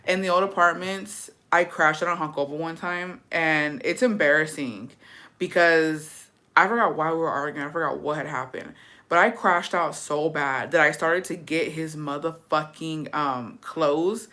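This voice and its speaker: A woman's voice: low-pitched, moderate pace, pushed and bright. Chatty, profane young woman storyteller. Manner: profane, chatty, mixes in Spanish words. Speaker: livestreamer. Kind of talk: casual storytelling chat.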